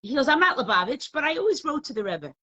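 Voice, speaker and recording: A woman's voice: sits high, big pitch swings, quick pace, sharp tone, lo-fi sound. A middle-aged woman teaching a live online class, telling stories and emotionally pressing her viewers with questions. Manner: emotional, questioning the audience, storytelling.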